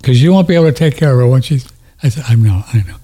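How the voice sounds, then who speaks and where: A man's voice: mid-range voice, expressive, very fast, dark tone, breathy edge. A man telling a story in a casual chat on a studio mic, rambling, emotional and tender, often laughing.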